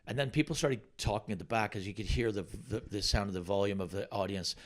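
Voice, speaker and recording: Middle-aged male comedian, slightly low voice, animated halting storyteller. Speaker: comedian guest. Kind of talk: storytelling anecdote on a podcast.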